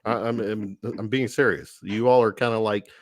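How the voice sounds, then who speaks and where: A man's voice: fairly low pitch, fairly even intonation, moderate pace, dry recording. A man hosting a podcast, teasing his co-hosts and restarting his sentences often. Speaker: podcast host. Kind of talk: casual chat.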